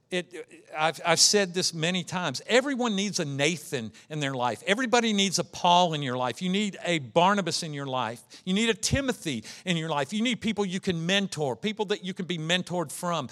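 A man's voice: high voice, lively intonation, normal speed, a bit bright. A man preaching an earnest sermon as pastor, acting out the voices he quotes.

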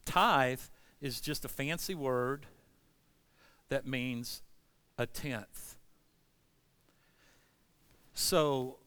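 Bright, impassioned man preaching a sermon. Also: medium pitch, smooth. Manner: impassioned, voicing God and churchgoers in quotes, conversational asides. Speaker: pastor.

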